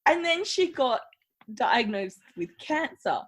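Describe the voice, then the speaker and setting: Woman, podcast co-host, casual chat, slightly high, husky, very lively pitch, laughs a lot. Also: takes it slowly. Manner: chatty, laughs often, does silly voices.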